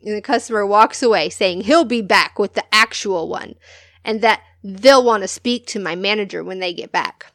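A woman's voice: medium pitch, normal speed, a bit bright, dry recording, studio quality. A woman co-hosting a podcast, reading listener stories aloud in a casual way and often laughing between lines. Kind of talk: casual storytelling read-aloud.

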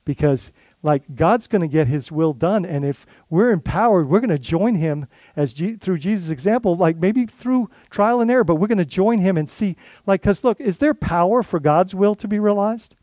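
A man's voice: high voice, animated, normal speed, warm tone, dry recording. A man who is a lead pastor, giving an earnest, conversational sermon full of restarts and asides.

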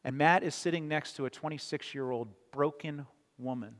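A male pastor giving an earnest sermon, pressing hard on some phrases and dropping soft on key lines, then leading a prayer. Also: fairly high pitch, normal speed, big-room sound. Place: church sanctuary.

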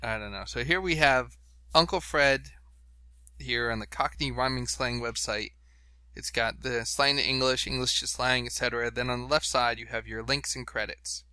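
A man's voice: medium pitch, steady tone, moderate pace, bright, forceful tone, clear, resonant tone, no echo. A man hosting a podcast in casual chat, reading out web pages and laughing along. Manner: chatty, reads out web pages, laughs often. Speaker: podcast host.

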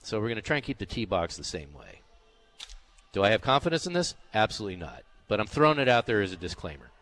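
A man's voice: fairly low pitch, sing-song, quick pace, a bit bright. A man hosting a golf show on sports radio, talking casually and emphatically, rambling with fillers through ads and chat. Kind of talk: casual sports radio talk with live reads. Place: radio studio.

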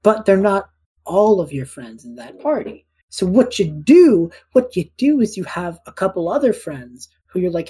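A woman's voice: mid-range voice, sing-song, normal speed, dark tone, breathy edge, low-quality recording. A woman co-hosting a casual tabletop podcast, reading listener questions and rambling with laughs. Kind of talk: casual chat.

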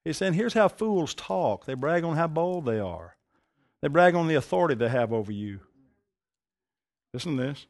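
A male preacher giving an animated sermon, sarcastic and full of pointed rhetorical questions. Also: high-pitched, a little fast.

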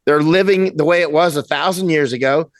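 Man, 60s, interview guest, blunt emphatic storyteller, slightly high pitch, dry. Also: a little fast, no room sound. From United States. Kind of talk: casual interview chat. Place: at home with a cat.

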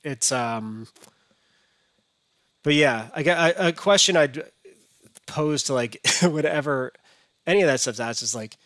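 A man's voice: a little high, animated, a little slow, pauses often, fairly bright tone, dry recording. A man as a podcast guest, talking casually and hesitantly with many restarts. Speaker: podcast guest, fantasy baseball analyst.

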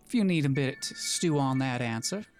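A man's voice: medium pitch, animated, normal speed. Guy game-mastering a tabletop session, easygoing, light music underneath.

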